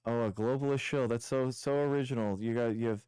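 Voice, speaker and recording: A man's voice: mid-range voice, steady tone, quick pace, warm tone, clear, resonant tone, no room sound. A young man hosting a live stream, arguing with a caller in a combative, mocking way and repeating taunts. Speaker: show host debating callers. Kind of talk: heated live-stream debate.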